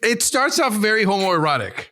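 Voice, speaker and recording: A jokey man in podcast banter who quotes movie lines in little voices. His voice sits high with lively swings and a bright tone. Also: moderate pace. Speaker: podcast co-host. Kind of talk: casual chat.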